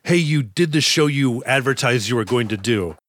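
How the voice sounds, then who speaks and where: A man's voice: medium pitch, expressive, normal speed, a bit bright, no echo, clean studio sound. A man co-hosting a podcast, telling stories in a joking, self-deprecating way. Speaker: podcast co-host. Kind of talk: casual chat.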